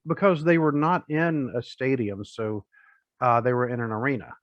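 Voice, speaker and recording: A man's voice: mid-range voice, fairly even intonation, normal speed, no echo. Guy rambling on a podcast, chatty, a bit muffled and dry. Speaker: podcast co-host. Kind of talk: casual chat. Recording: dull lo-fi podcast audio, dry.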